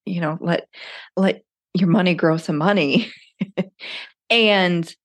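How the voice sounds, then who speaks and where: A low-pitched woman in her thirties hosts a podcast on her own. She speaks candidly and casually, swearing freely as she encourages her listeners. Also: normal speed. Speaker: podcast host. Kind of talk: casual solo podcast talk.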